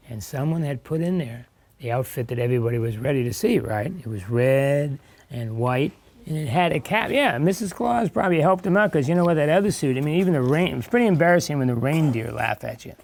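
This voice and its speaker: A slightly high, slightly mellow voice belongs to an older man visiting an elementary school classroom as a guest reader. Chatty as he reads a picture book to the young class, he stops to ask questions and explain along the way.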